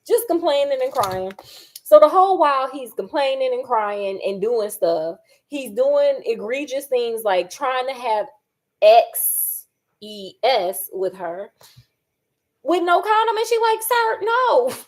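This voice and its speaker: A woman vlogging while she cooks, chatting casually in an animated, sassy way and acting out quotes. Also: fairly high pitch, slow pace. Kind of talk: casual chat while cooking.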